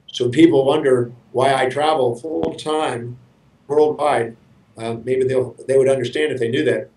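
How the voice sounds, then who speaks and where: A man's voice: medium pitch, steady tone, normal speed, darkish tone. Earnest man storyteller in a roomy space. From United States. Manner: earnest, repeats words when starting sentences. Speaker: interview guest. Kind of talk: storytelling interview. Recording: roomy sound from a distance.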